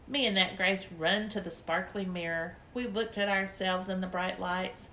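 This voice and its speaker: A woman's voice: medium pitch, fairly even intonation, moderate pace, few pauses, bright, forceful tone, a little hiss or hum. A woman narrating a children's story in first person, in a chatty, childlike little-girl voice. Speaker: audiobook narrator.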